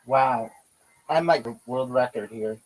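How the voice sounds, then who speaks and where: Guy streaming, teasing his buddy, mid pitch, playful casual chat. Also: measured pace, low-quality recording. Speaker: livestream host.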